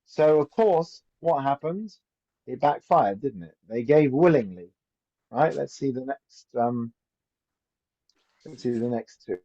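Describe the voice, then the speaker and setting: A man's voice: mid-range voice, expressive, takes it slowly, long pauses. A man teaching an informal Torah class as a rabbi, chatty and anecdotal, often asking "right?". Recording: dull lo-fi recording.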